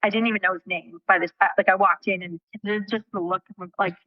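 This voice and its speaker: A woman guest in an interview, telling a personal story in an animated way and acting out what people said, with casual swearing. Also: mid-range voice, quick pace, dry recording, dull audio.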